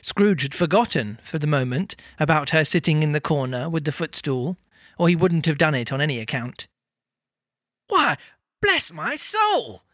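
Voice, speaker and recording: A man reading a novel aloud with lively, amused storytelling. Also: on the high side, brisk, few pauses, no room sound, studio quality. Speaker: reader.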